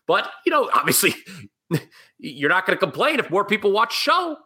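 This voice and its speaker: Lively, bright-voiced man talking shop. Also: high voice, moderate pace, slightly rough. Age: middle-aged. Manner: animated, opinionated, jokey asides. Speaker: podcast co-host. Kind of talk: casual wrestling talk.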